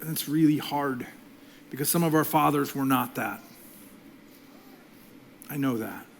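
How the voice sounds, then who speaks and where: A middle-aged male pastor preaching a sermon, swinging from loud, impassioned lines to hushed whispers. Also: medium pitch, unhurried, vocal fry, a little hiss or hum.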